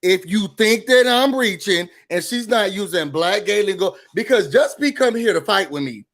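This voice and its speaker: Sassy, high-voiced man ranting. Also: normal speed. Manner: expressive, sassy, mimics quotes in a high voice. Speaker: recap show host. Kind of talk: animated recap and rant.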